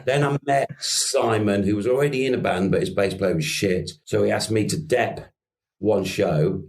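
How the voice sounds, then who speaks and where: A man's voice: on the low side, normal speed. Laid-back Scouse man telling band stories. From Merseyside, England. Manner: rambling anecdotes, frequent laughs, swears casually. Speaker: musician guest. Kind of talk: podcast interview.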